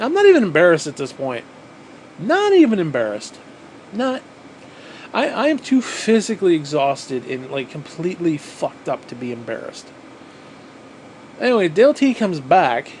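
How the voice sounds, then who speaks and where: A man telling a story casually, animated, swearing often and repeating phrases for emphasis, sounding tired. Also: on the high side, moderate pace, long pauses, a little hiss or hum, poor audio. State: physically exhausted.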